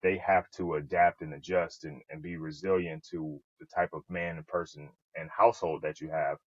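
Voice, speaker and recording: A man hosting a podcast interview, thinking aloud in a relaxed, reflective way and often checking in with "right?". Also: rumbling low, moderate pace, dry recording. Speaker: podcast host. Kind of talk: casual interview chat. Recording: slightly dull lo-fi audio.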